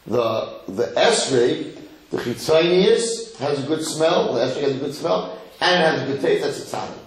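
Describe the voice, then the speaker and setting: A middle-aged man, a rabbi, giving an animated lesson to a live audience, repeating phrases and putting questions to the room. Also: on the high side, normal speed. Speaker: rabbi teaching a class. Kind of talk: Torah lecture to a live audience. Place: lecture hall with audience. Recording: echoey hall.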